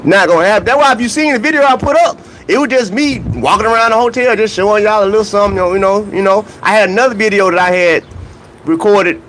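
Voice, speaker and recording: A man's voice: sits high, quick pace, a bit bright, slight background noise, low-quality recording. A man hosting a casual livestream vlog about track and field, greeting chat viewers by name and talking in loose slang. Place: outdoors near a hotel, humid weather.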